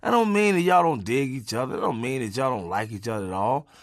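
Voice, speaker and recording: A man telling a comic story from his own life, animated and profane, swinging from loud bursts to low asides. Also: fast talker, no echo, clean studio sound.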